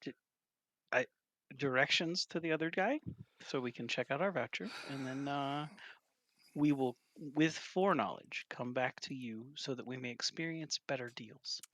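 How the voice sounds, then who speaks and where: Brief: male player, bright and dry-sounding, playful mock-formal banter on a call. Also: mid-range voice, moderate pace, no room sound. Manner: wry, mock-formal joking. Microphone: online voice call.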